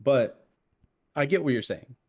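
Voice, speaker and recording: Male podcast co-host, 30s, mid-pitched, profane animated storyteller. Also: a little slow. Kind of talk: casual chat.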